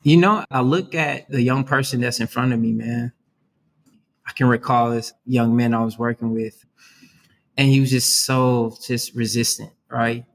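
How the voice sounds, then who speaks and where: A man with an average pitch talks in an easy, conversational way. He sounds upbeat and earnest, and he drops "man" and "right?" into nearly every sentence. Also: fairly even intonation, moderate pace. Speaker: youth worker, guest. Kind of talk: conversational interview.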